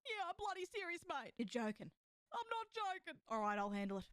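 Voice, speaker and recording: A woman's voice: extremely high pitch, big pitch swings, fairly quick, fairly bright tone, no room sound, pitched above the performer's own voice, exaggerated voice. A woman playing a bossy police officer taking a phone call, in a comic, mock-official bit on a livestream.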